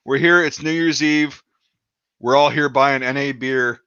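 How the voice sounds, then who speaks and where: A man's voice: medium pitch, steady tone, unhurried, sharp tone, smooth, no room sound, highs cut off. A man in his thirties telling a rambling story in casual chat, swearing often and acting out quotes. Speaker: podcast host.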